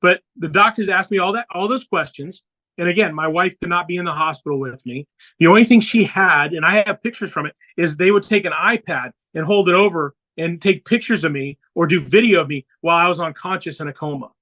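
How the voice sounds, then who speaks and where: Guy on a podcast telling his story, kinda high bright voice, acts out what people said to him. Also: brisk, rough recording. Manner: earnest storytelling, acts out quoted dialogue. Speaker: podcast guest.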